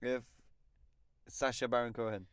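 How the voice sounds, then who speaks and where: A man's voice: mid-range voice, fairly even intonation, a little slow. A young man, chatting casually and teasing his co-host. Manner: teasing interjections. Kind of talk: casual chat.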